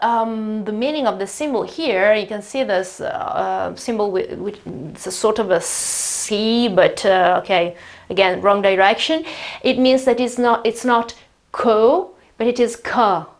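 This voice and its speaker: A woman with an Italian accent, a native Italian speaker, teaching an English pronunciation lesson beside a whiteboard in a chatty, explanatory way and slowly repeating words to demonstrate them. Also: a little high. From Italy.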